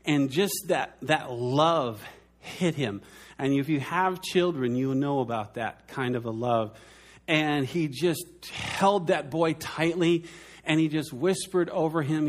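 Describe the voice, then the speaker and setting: Earnest man preaching, slightly high voice. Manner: earnest preaching, slows down and drops soft for emphasis. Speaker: pastor. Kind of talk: sermon.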